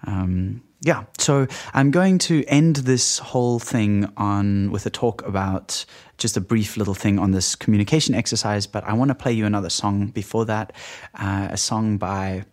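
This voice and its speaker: A man hosting a solo podcast, explaining ideas in a relaxed, reflective way. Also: on the low side, moderate pace. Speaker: podcast host.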